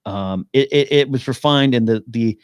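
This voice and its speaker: A man hosts a live podcast, chatting casually and answering viewer questions as he goes, rambling, restarting and thinking out loud. His smooth, mid-range voice moves at normal speed, and the sound is dry and close with no room sound.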